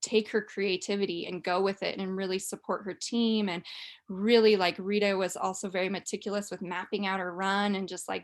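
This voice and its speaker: A young woman hosting a live business call, upbeat and chatty. Her pitch sits in an ordinary middle range, and she keeps the talk casual and enthusiastic with easy fillers. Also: fairly even intonation, moderate pace. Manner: bubbly, enthusiastic, with frequent fillers and laughs. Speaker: host of a business mastermind call.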